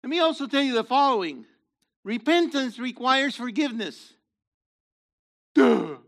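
A man preaching a sermon in a theatrical way, acting out voices and swinging from shouts to hushed asides. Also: very high-pitched, animated, measured pace.

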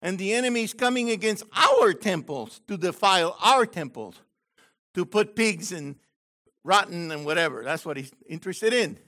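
Animated, bright-voiced man preaching a sermon. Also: moderate pace. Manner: conversational preaching, asks the crowd "okay?"; drops to a low aside voice for quotes. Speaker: messianic teacher.

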